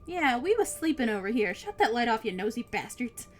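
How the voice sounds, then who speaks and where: Woman doing loud grumpy cave bats. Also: a little high, sing-song, a little fast, soft background music. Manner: rough, rude, folksy grammar. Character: grumpy, sleepy bats in a mine.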